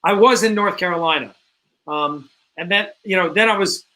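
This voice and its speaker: A man's voice: high-pitched, moderate pace, sharp tone, poor audio. A man from the New York area, hosting a casual podcast chat with rambling, self-correcting answers. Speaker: host.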